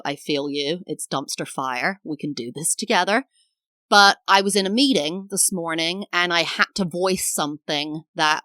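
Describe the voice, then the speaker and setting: A woman in her thirties hosts her own podcast, speaking in an earnest, reflective way and sometimes acting out tones of voice to show what she means. Her voice sits low yet sounds bright and sharp. The recording is close and dry, with no room sound. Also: dry recording. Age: 30s. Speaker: podcast host. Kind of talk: casual solo podcast talk.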